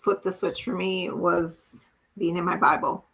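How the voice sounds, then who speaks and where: A woman guest tells her personal story with earnest feeling, slipping into little acted-out quotes of what people said to her. Her voice is husky and a bit gravelly, with a bright, forceful tone that carries her emotion. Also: fairly low pitch, little pitch movement, measured pace, low-quality recording. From small town. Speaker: podcast guest.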